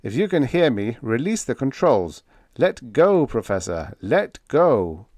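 A man's voice: mid-range voice, sing-song, measured pace, a little mellow, no room sound, pitched above the performer's own voice. A man voicing an earnest younger man who urgently pleads over a ship's microphone, repeating his appeals. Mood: pleading.

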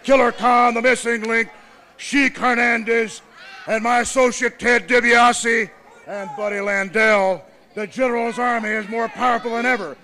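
A man's voice: extremely high pitch, fairly even intonation, normal speed, pushed and bright. A middle-aged man acting as a wrestling manager in a promo, boastful, commanding and threatening.

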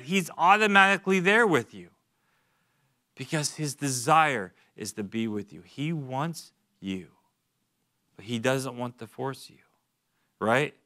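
A young man preaching a casual, conversational sermon in a church, joking, with quick asides and repeated words. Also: fairly high pitch, bright, forceful tone. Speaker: pastor.

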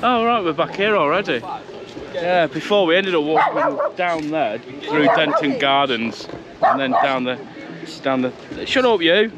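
A man's voice: a little high, unhurried, very noisy. A man chatting casually and rambling a bit as he vlogs a seafront walk, recorded outdoors on a handheld action camera. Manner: chatty and rambling, with easy laughs. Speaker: vlogger. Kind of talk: casual walking vlog. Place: outdoors on a seaside promenade.

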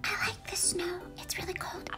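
A woman voicing a shy, quiet little snow rabbit on a children's show in a soft unvoiced whisper, a whispered role-play. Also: very high voice, steady tone, moderate pace, soft background music, pitched above the performer's own voice.

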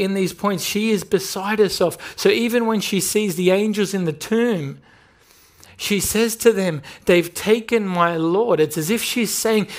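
A man with an Australian accent preaching a sermon and leading prayer in an earnest, emphatic way with repeated phrases. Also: high-pitched. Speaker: pastor.

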